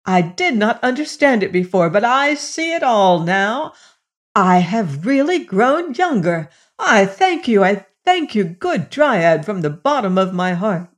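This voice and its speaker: A woman voicing a cheerful, honest old male piper in a storybook reading, with gently pleased, old-fashioned phrasing. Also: mid-range voice, big pitch swings, unhurried. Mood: grateful.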